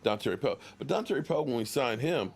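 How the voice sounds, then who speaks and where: A man's voice: mid-range voice, very animated, fast, creaky, a crowd in the background. A man hosting a casual sports talk livestream, chatty and reading viewer comments aloud. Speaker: podcast host.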